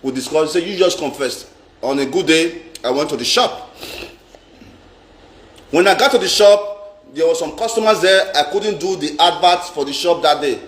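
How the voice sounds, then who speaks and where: A middle-aged Nigerian man tells a personal story in a vlog, animated and dramatic, repeating lines for emphasis and mixing in Pidgin. His voice is a little high and fairly bright, at a normal speed with long pauses. The recording has a roomy echo.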